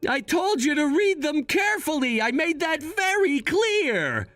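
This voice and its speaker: A man's voice: extremely high pitch, very animated, a little slow, fairly bright tone, no room sound, faint music behind, heavily acted. A man playing a cold, unbending adult son. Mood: firm. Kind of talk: scripted drama voice-over.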